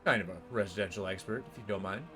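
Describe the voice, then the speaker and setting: A man's voice: on the low side, rapid-fire, bright, forceful tone, soft background music. A man livestreaming a game, chatting casually with his viewers in a rambling way full of fillers. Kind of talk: casual chat while gaming.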